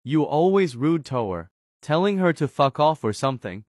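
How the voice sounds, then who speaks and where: A woman's voice: low-pitched, sing-song, normal speed, a little mellow, dry recording, clean studio sound. A woman voicing Alex, a crude, teasing teenage boy, in a Roblox roleplay.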